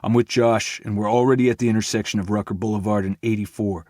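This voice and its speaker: A man's voice: lowish voice, fairly even intonation, fast, darkish tone, dry recording, clean studio sound, close to an everyday voice. A man voicing a worried young male friend who talks urgently and tries to reassure. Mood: reassuring.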